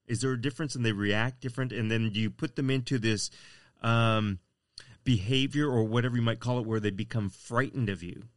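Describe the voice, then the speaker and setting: A man's voice: medium pitch, fairly quick, no room sound, clean studio sound. A man hosting an interview, asking long, rambling questions in a casual way. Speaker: interviewer host.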